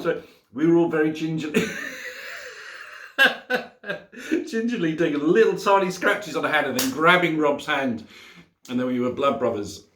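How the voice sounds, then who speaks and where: A man's voice: fairly high pitch, lively intonation, unhurried, pauses often, fairly bright tone, echoey room. A man, telling a story casually as a motorcycle vlogger in his home garage, chatty and laughing often.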